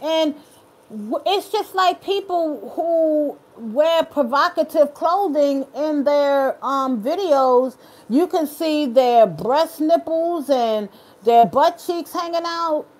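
A woman hosting a casual live chat, reading viewers' comments aloud and talking to them in an earnest, encouraging way. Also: high-pitched. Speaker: live stream host.

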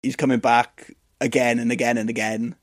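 A man's voice: medium pitch, little pitch movement, normal speed, no echo. A man co-hosting a podcast, casually recapping a film with restarts and laughs. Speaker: podcast co-host. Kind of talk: casual movie-recap chat.

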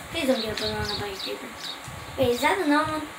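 A young female gamer giving casual commentary over gameplay, excitable and prone to gasping and exclaiming at her finds. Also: on the high side, brisk. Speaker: gaming video creator. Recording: roomy echo with clear background noise.

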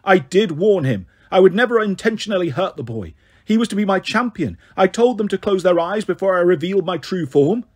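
A scornful, regal queen goddess from a storybook reading , voiced by a man. The voice is husky and sits fairly high, commanding and cold. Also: expressive, brisk. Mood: haughty. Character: haughty imperious queen goddess, female, ancient.

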